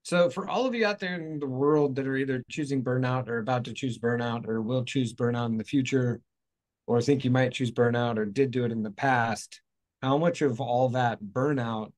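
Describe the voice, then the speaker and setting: A man's voice: medium pitch, steady tone, moderate pace, a little mellow. A man hosting a spiritual talk show, talking casually in a rambling, playful way, correcting himself as he goes. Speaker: host. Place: outdoors in hot weather.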